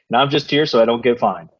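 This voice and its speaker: A man casually co-hosting a fantasy football recap, laid-back and rambling, laughing often. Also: mid-range voice. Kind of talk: casual chat. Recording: dull lo-fi recording.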